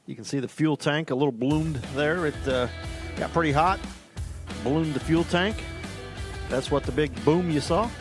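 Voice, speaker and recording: A man commentating a drag race broadcast in a relaxed, chatty, halting way. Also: on the high side, music in the background.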